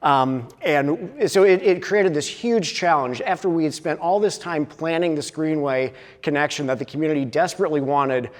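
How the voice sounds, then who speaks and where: A man's voice: fairly high pitch, moderate pace, few pauses, long reverb tail. A man giving a conference presentation, with a lot of uhs and restarts. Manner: filler-heavy, with many uhs and restarts. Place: conference hall.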